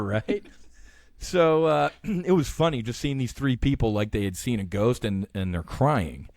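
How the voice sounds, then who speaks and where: A man in his fifties, a podcast guest telling a personal story in an earnest, halting way, often restarting his sentences. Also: medium pitch, expressive, no room sound. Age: 50s.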